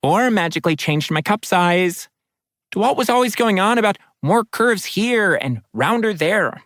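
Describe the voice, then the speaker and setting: A bubbly, gossipy water spirit girl, as a male audiobook narrator puts her on, chattering in a high, lilting voice with plenty of push behind it. The sound is close and dry, with no room around it. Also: animated, unhurried, fairly bright tone, dry recording, exaggerated voice. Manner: chatty, gushing. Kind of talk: audiobook character voice.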